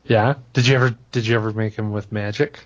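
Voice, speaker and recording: A man's voice: on the low side, fairly even intonation, fast talker, muffled recording, slight background noise. A man playing his character in a tabletop game, asking eager, curious questions. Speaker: player.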